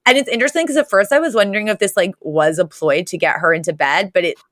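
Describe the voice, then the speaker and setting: A woman co-hosting a podcast recaps a TV episode in easygoing chat, performing the characters' lines as she tells it. Her medium-pitched voice moves quickly, and the recording is dry with clean studio sound.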